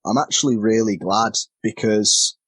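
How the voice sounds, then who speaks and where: A man's voice: lowish voice, steady tone, moderate pace, fairly bright tone, slightly rough, no room sound. A man talking casually as a podcast guest, candid and self-deprecating, laughing often, heard over a remote call. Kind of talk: casual chat.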